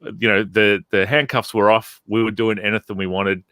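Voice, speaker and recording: Bright-voiced man, dry sound. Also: fairly low pitch, little pitch movement, normal speed, clean tone, dry recording. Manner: eager, hesitant, many fillers. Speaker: comic writer and co-host. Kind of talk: casual chat.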